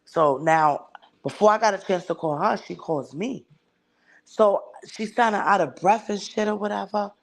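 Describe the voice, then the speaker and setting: Animated New storyteller, profane. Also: medium pitch, unhurried, vocal fry, poor audio. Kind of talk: casual storytelling chat.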